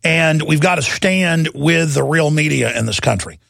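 A man's voice: fairly high pitch, normal speed, gravelly, fairly bright tone, no room sound, clean studio sound. A man hosting a talk radio show, ranting heatedly from one news item to the next and mocking his critics. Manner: heated, ranting, jumps between news items; mocks opponents in put-on voices.

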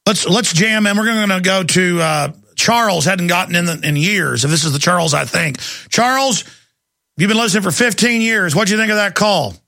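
A man hosts a talk radio show with a high, forceful voice that rasps into gravel. He talks in an intense, rapid rush and mocks others in quoted asides. The studio sound is dry and close. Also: no room sound.

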